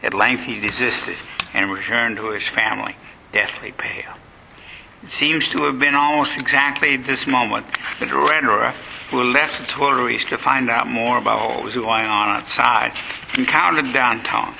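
A man's voice: medium pitch, moderate pace, creaky, dull audio, background noise. A man giving a dramatic history lecture, telling the story vividly and acting out the quotes.

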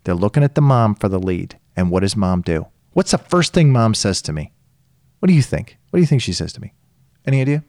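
A middle-aged man tells a story in easy conversation. His pitch rises and falls widely as he acts out the voices of the people in the story. The recording is close and dry. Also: sing-song, a little fast, a little mellow, no echo. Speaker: podcast co-host telling a story. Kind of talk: casual chat.

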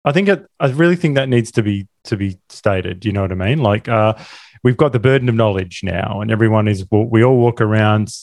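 A man's voice: fairly low pitch, a little fast, darkish tone, dry recording, studio quality. A man co-hosting a film podcast, talking enthusiastically in a rambling way with frequent restarts. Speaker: podcast co-host. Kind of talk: casual film discussion.

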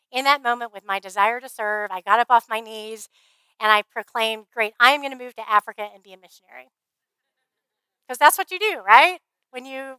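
A woman speaker at a conference, telling her faith story in an earnest, heartfelt way, often trailing off softly. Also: on the high side, smooth, no echo, poor audio. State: briefly emotional. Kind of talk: faith testimony talk.

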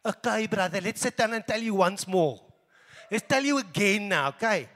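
A middle-aged South African man preaching a sermon as pastor, emphatic, moving between raised exhortation and quiet asides. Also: sits high, animated, moderate pace, in a large hall. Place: church.

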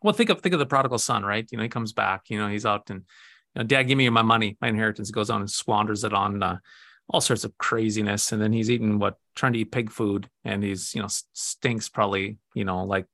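A male pastor speaks in a gravelly, grainy voice, recorded dry and close. He teaches in a casual, conversational way and throws himself into acting out a story, stumbling and repeating words as he goes. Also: on the low side, fairly quick, dry recording. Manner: animated storytelling with many restarts.

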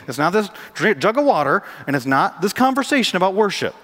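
A man preaching a sermon as pastor, animated and jokey, acting out scenes for his congregation in a church. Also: high-pitched, brisk, hardly any pauses. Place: church sanctuary. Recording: long hall reverb.

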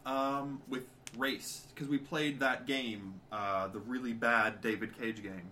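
Bright-voiced stammering podcast man. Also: mid-range voice, fairly even intonation, slow, slight background noise. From Atlanta suburbs, USA. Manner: stammering restarts. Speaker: podcast co-host. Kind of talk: casual podcast chat.

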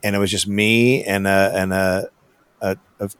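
A man's voice: low-pitched, flat delivery, measured pace, fairly bright tone, clear, resonant tone, no echo. A man co-hosting a podcast, telling a story bluntly and swearing freely. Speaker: podcast co-host. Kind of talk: casual storytelling.

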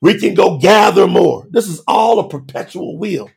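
A man preaching a sermon with emphasis, moving between shouted lines and quiet low asides. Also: lively intonation, moderate pace, vocal fry, slightly rough.

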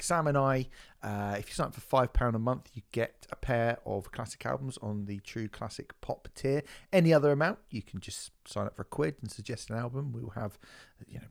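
A man's voice: medium pitch, gravelly. A man co-hosting a music podcast, joking and bantering casually, swearing now and then. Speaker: podcast co-host.

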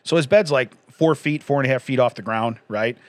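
A man's voice: medium pitch, a little fast, no echo. A man in his forties co-hosting a casual chat, telling a rambling story and laughing often.

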